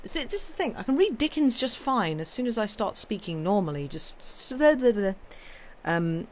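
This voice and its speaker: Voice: medium pitch, big pitch swings, fairly quick. A British-accented streamer chatting casually with viewers, rambling with many fillers and restarts. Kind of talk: casual live-stream chat.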